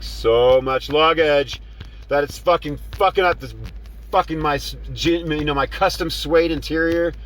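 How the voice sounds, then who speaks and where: On a rough recording with slight background noise, a man with a lowish voice tells a profane story from his car as a rideshare driver. He's animated and swearing, acting out heated arguments in a raised voice.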